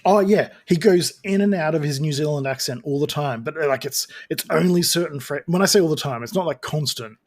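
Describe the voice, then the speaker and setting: A man's voice: a little high, fairly quick, few pauses. A man co-hosting a podcast, chatting casually and rambling with lots of restarts and fillers. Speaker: podcast co-host. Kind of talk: casual chat.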